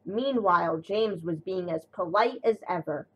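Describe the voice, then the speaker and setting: A woman narrating a children's storybook tale in a steady, even way. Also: on the low side, unhurried, husky, muffled recording.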